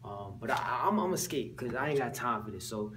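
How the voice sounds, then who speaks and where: A man's voice: medium pitch, expressive, brisk, distant mic, noisy background. A young man hosting an improvised comedy sketch, teasing the other characters in casual slang. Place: indoor room at home.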